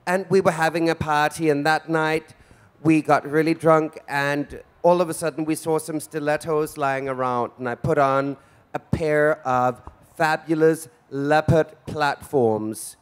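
A man's voice: a little high, fairly even intonation, measured pace, clear, resonant tone. A man in his forties hosting a live event as a drag queen, with flamboyant, theatrical camp banter on stage. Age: 40s. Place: event stage before an audience.

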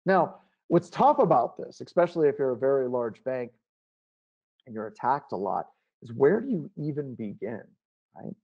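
A man giving a conference keynote, telling an animated story and jumping into high pitch for the voices he quotes. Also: moderate pace, highs cut off. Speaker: keynote speaker. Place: conference stage.

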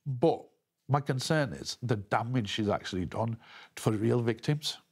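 A man giving an emotional news interview, talking haltingly with many restarts and repeated words. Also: mid-range voice, expressive, darkish tone, slightly rough. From England.

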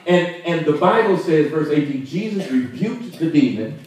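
Male pastor, high voice, conversational preaching, booming church echo. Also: animated, moderate pace, darkish tone. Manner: conversational preaching with call and response, laughs often. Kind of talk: sermon. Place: church sanctuary. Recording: very echoey room, mic at a distance.

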